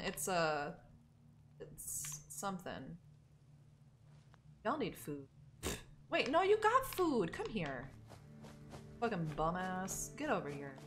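A woman's voice: mid-range voice, a bit bright. A woman streaming a game live, chatting casually with her viewers, swearing freely and talking to herself as she plays. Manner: casual, profane, talks to herself and chat.

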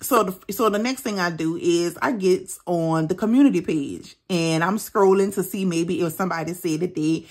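Animated woman telling a story. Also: lowish voice, normal speed, few pauses. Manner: casual, with frequent mild swearing. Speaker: budgeting channel host. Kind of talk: casual storytime vlog.

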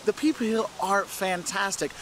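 An upbeat man from the northern United States narrates a travel video, pressing his points by repeating them. His voice sits high. Faint street noise hums behind him outdoors. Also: normal speed, fairly bright tone. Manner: upbeat, emphatic, repeats phrases.

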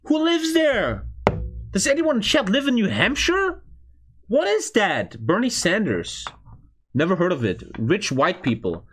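A man's voice: sits high, huge pitch swings, measured pace, a bit bright, husky. A European man streaming casual reaction commentary, blunt and profane, reading chat aloud as he thinks.

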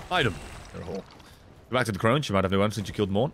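A man's voice: fairly low pitch, quick pace, creaky, fairly bright tone, a little hiss or hum. A man streaming gameplay in casual commentary, swearing often, joking and laughing.

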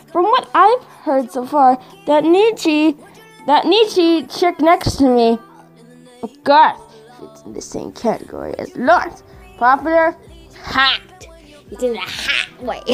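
Young-sounding woman reading fan fiction aloud: very animated, high pitch, giggles and stumbles, chats between lines. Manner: giggly, stumbles over words, chatty asides. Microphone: desk microphone.

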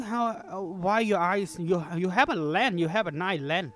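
Soft music plays behind a young man whose high-pitched, fairly bright voice moves unhurriedly with few pauses. He's doing let's play commentary of a horror game on his channel, chatting with the characters and letting out yelps and screams when scared.

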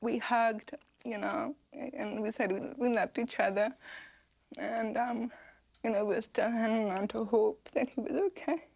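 A woman's voice: a little high, steady tone, a little slow, creaky, a little mellow, breathy edge, no echo. A woman in a documentary interview, recalling events hesitantly and with emotion. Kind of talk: documentary testimony. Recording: slightly muffled film audio.

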